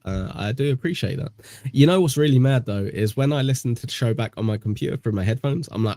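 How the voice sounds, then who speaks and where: A man's voice: lowish voice, lively intonation, fast talker, a little mellow, no room sound, studio quality. A British man from England hosting a podcast, rambling casually with lots of fillers and self-deprecating asides. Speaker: podcast host. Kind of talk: casual chat.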